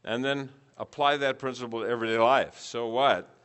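A middle-aged man leads a church teaching session with a bright, clear voice at an ordinary pitch. He asks the group question after question and repeats their answers back to them. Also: steady tone, moderate pace. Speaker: preaching class teacher. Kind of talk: interactive class teaching.

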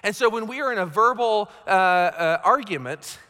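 A pastor with a high-pitched, animated voice preaches a sermon at normal speed, sounding pushed and bright. He's conversational and self-mocking, regularly checking in with listeners, and the recording carries a long hall reverb.

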